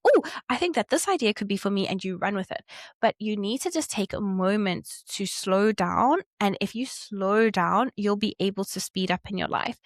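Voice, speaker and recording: A woman's voice: medium pitch, no room sound. A woman talks a client through her chart in an encouraging, coaching manner. Her voice sits in a middle range, recorded dry and close with no room sound. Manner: warm, encouraging coaching tone, acting out quoted reactions. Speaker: Human Design chart reader. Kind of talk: one-on-one reading addressed to a client.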